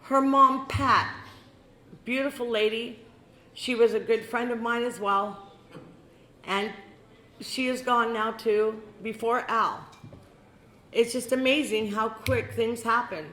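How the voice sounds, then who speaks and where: An older woman giving a heartfelt eulogy at a memorial gathering, reminiscing slowly and breaking into laughs. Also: fairly high pitch, steady tone, pushed and bright. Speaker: eulogy speaker. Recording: echoey hall with faint ambience.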